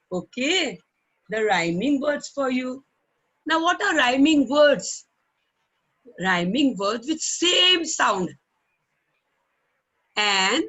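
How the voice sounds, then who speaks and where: A middle-aged woman with an Indian English accent teaching children in an online class. She talks slowly and patiently, repeating words for the children to copy and often checking in with a coaxing "okay?". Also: fairly high pitch, fairly bright tone, breathy edge, dull audio. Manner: ends phrases with coaxing "okay?". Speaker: primary school English teacher. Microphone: online call microphone.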